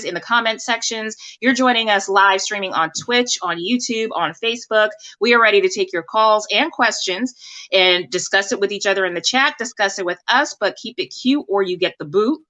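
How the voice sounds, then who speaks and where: A woman hosts a live-stream talk show in a lively, chatty way. She laughs easily as she talks. Her voice is bright and clear. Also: mid-range voice. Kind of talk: casual live-stream hosting.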